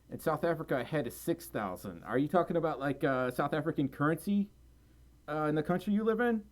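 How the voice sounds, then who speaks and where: A man's voice: mid-range voice, a little mellow. A man from Mississippi hosting a casual livestream, reading chat aloud, tired and rambling with frequent laughs. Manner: chatty, giggly, tired and rambling. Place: home room.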